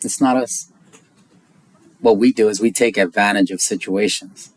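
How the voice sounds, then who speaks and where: An American man in a blunt, heated opinion rant to his viewers, profane and pressing his points, speeding up and slowing down for emphasis. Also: lowish voice, fairly even intonation, dry recording. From United States. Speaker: vlogger.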